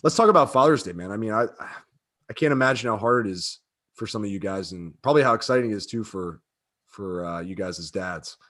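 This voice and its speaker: A man's voice: on the low side, animated, a little fast, fairly bright tone. A man in his thirties talking casually and emotionally, with lots of fillers and rambling asides. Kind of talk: casual chat.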